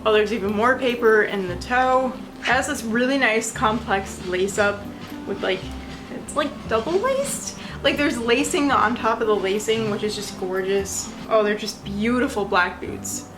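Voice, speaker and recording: A young woman vlogging casually in her bedroom, gushing and excitable as she unboxes and tries on shoes. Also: mid-range voice, normal speed, music in the background, rough recording.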